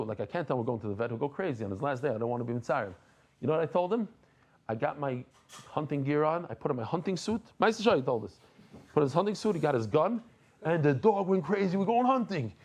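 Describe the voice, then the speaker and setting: A middle-aged man giving a daily Talmud lesson, animated and jokey, mixing in Hebrew and Yiddish terms. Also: medium pitch, fast talker. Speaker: Talmud teacher.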